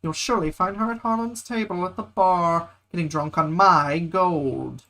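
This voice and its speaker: An actor playing a shady male smuggler who runs a tavern, talking like a smooth, wheedling dealmaker. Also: sits high, moderate pace, sharp tone. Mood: sly.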